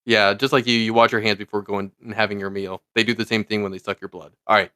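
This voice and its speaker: A man's voice: on the low side, little pitch movement, sharp tone, smooth, no echo, clean studio sound. A man co-hosting a casual podcast, joking and teasing as he chats. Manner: joking, quick to riff and tease. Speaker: podcast co-host.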